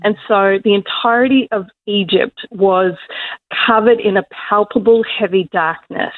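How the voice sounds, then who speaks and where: A woman, sharing an emotional faith testimony and leading a prayer, quick to laugh and to quote herself. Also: medium pitch, dry recording. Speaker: guest on Christian radio. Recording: dry phone-line sound.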